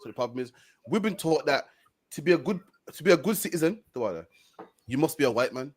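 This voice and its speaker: Guy on a stream, quick and preachy, bit higher voice. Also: expressive, husky. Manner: fast, preaching, emphatic. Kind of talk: online stream discussion.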